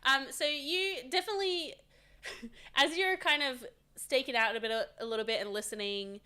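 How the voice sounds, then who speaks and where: A woman's voice: sits high, normal speed, sharp tone, clear, resonant tone. A woman narrating as dungeon master in a tabletop game, chatty and laughing often. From studied at a university.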